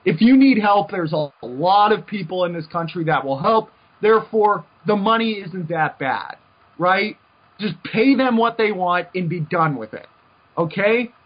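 A podcast host from the United States delivers a heated rant that circles back on itself with stumbling restarts. His high voice has lively intonation and a slightly rough texture, his pace unhurried, all on a dull lo-fi recording.

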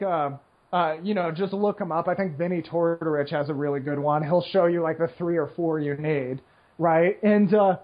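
A poker player with a high, breathy voice rambles casually, packing his monologue with fillers and checking in with "right?" along the way. He mocks complainers by putting on whiny voices. The recording is lo-fi and slightly muffled.

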